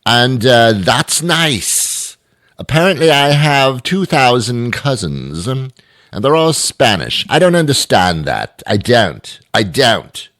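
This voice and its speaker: A British man hosting a radio talk show, talking in an animated, mock-indignant, rambling way. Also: mid-range voice, takes it slowly, no echo, clean studio sound. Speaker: radio host. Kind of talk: comic talk radio monologue.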